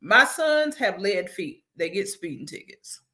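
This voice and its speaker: A woman, a mother of four, chatting as a guest and telling family stories in a lively, animated way. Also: mid-range voice, a little slow. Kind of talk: casual storytelling chat.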